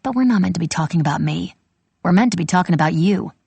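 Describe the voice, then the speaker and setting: A brisk, sharp-tongued young woman, read by a woman narrator, who teases and talks bluntly. The voice sits low, with a gravelly, husky edge and a dry, close sound. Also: animated, no room sound, full character voice. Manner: quick, teasing, blunt.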